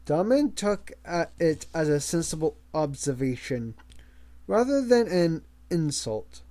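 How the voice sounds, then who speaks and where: A man reading a novel aloud as an amateur audiobook narrator, measured, with small slips and restarts. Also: a little high, big pitch swings, warm tone. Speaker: audiobook reader.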